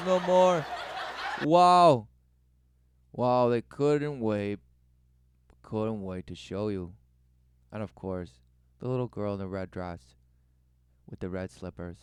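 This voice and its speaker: A man's voice: fairly low pitch, slow, long pauses, warm tone, clear, resonant tone, dry recording. Mocking man commenting over clips. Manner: mocking, exclamatory, rhetorical questions.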